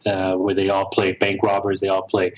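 A middle-aged American man, a director and producer, talks thoughtfully in a casual interview, often pausing and restarting his sentences. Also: low-pitched, monotone, poor audio. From United States. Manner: thoughtful, halting, with frequent restarts.

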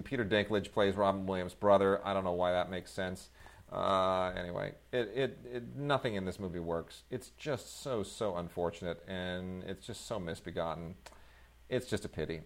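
A middle-aged man reviewing films in casual chat, rambling with many fillers and restarts, breaking into animated outbursts. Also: deep voice. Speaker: film reviewer, co-host.

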